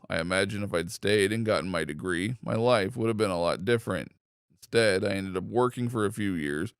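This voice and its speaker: Guy reading internet stories out loud, steady and even, raspy fry in his voice, dry close sound. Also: lowish voice, no room sound. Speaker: story reader. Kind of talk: scripted narration of online posts.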